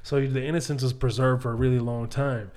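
A man's voice: mid-range voice, a little fast. A man, a comedian guest, telling a story in casual chat and acting out the voices in it. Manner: animated storyteller, acts out voices, laughs often.

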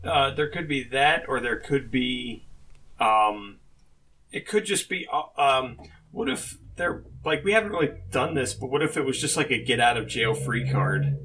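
A man co-hosting a podcast, speaking hesitantly with frequent fillers and restarts. His voice sits at a middle pitch with a bright tone. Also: lively intonation, normal speed, husky. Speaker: podcast co-host. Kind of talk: casual chat.

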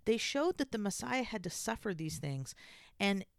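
A woman giving a casual scripture lesson in a conversational, halting way with many restarts. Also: mid-range voice, big pitch swings, vocal fry. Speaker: scripture teacher.

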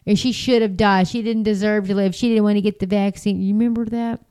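A chatty middle-aged woman, talking straight to her viewers. Her voice is mellow and smooth, and she keeps jumping into high mocking voices. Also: steady tone, fast. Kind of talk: casual spoken monologue.

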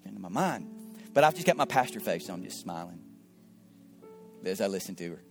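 A middle-aged male pastor tells a story in an earnest sermon voice. He repeats words as he searches for them and sometimes drops to quiet asides. Soft guitar plays faintly behind him. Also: fairly low pitch, lively intonation, moderate pace, gravelly, pauses often. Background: faint guitar music.

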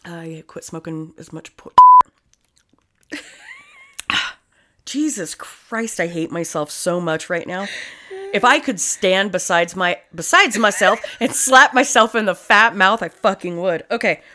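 A woman's voice: medium pitch, measured pace, pushed and bright, a little hiss or hum. A woman co-hosting a podcast in casual, rambling, profane chat full of jokes. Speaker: podcast co-host.

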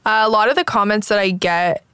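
A woman's voice: medium pitch, brisk, clean tone, no echo. A woman in her twenties, a guest and content creator, chatting casually about faith with lots of "like" fillers. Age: 20s. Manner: animated, fillers like "like", laughs often.

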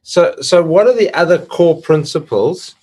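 A man's voice: fairly high pitch, expressive, a little slow, darkish tone. A man hosting an interview, who often restarts and repeats words as he shapes his questions. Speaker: podcast host. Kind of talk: interview chat.

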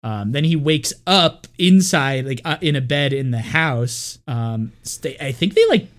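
A man co-hosting a podcast, casually recapping a movie in a relaxed, rambling way full of fillers. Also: mid-range voice, a little slow. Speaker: podcast co-host.

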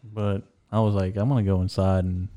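Young man, low pitch, mellow tone, casual podcast chat, crude rambling stories, heavy swearing. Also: level tone, a little fast. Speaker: podcast co-host.

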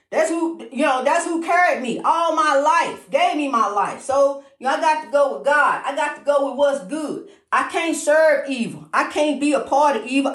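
A high-voiced woman gives an informal, emphatic inspirational talk in an echoey room, preaching-style. She repeats lines, calls the listener "honey" a lot, and speeds up when she gets excited.

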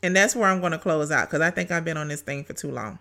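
Bright-voiced woman preaching casually. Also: low-pitched, quick pace. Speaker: podcast host. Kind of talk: faith-based solo podcast talk. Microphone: home podcast mic.

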